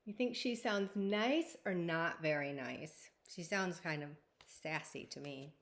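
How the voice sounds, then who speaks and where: A woman reading a picture book aloud to young children, gentle and patient. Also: lowish voice, a little slow. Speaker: storytime reader.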